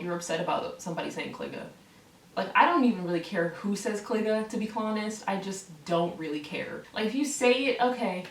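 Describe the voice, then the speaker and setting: A woman ranting to camera in a vlog, heated and profane, hammering the same words again and again. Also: a little high. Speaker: online video creator. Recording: roomy echo, voice from a distance from the mic.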